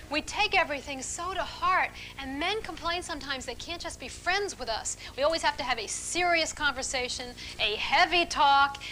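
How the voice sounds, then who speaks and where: A middle-aged woman leading a seminar for a live audience, talking in an animated, emphatic and playful way. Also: sits high, slight background noise. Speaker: relationship speaker leading a seminar.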